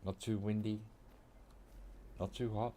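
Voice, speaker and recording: A man's voice: on the low side, flat delivery, measured pace, dark tone. An Australian man streaming from home, giving laid-back, rambling gameplay commentary and chuckling often. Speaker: game streamer.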